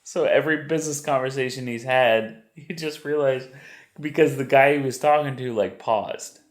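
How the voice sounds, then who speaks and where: A middle-aged father vlogging casually, coaching his kids and telling family stories in a relaxed way. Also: medium pitch, moderate pace. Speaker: vlog host and father. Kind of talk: casual family vlog talk.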